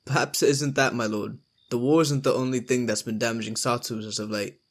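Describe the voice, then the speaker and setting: A man playing a polite, deferential officer in a medieval cartoon who addresses his superior carefully. His voice sits at a plain middle pitch. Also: steady tone, fairly quick, natural voice. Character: deferential male army officer.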